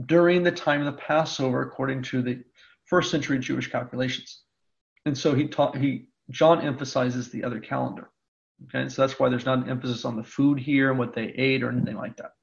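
Gravelly man teaching scripture, lo-fi. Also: medium pitch. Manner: deliberate, stretches words for emphasis. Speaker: Bible teacher. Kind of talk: lecture with scripture reading. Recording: dull lo-fi lecture recording.

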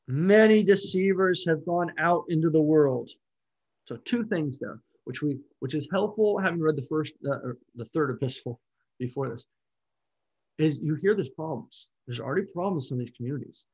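A man with a slightly high voice teaches a Bible study, talking through a passage in a loose, conversational way. He restarts phrases and checks in with the listeners. The recording sounds dull and lo-fi. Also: expressive, moderate pace, darkish tone, husky. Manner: explains in an unscripted, conversational way, with restarts and "right?".

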